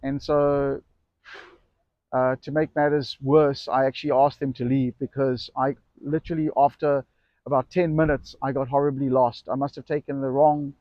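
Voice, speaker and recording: A man's voice: mid-range voice, flat delivery, normal speed, no echo, highs cut off. A middle-aged man who runs an e-bike shop, telling a personal story casually to camera, rambling and correcting himself as he goes. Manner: rambling, self-correcting anecdote with acted quotes.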